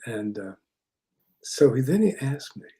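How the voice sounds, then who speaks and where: An older man, a psychotherapist and interview guest, telling an anecdote in an animated way, often laughing and repeating words as he starts a sentence. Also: mid-range voice, a little slow. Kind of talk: anecdotal storytelling.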